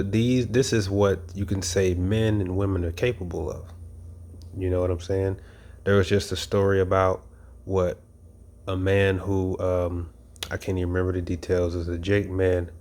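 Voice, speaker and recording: A man's voice: low-pitched, darkish tone. A man giving an informal sermon, talking in a conversational, emphatic way with frequent "you know" and repeated phrases. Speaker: preacher.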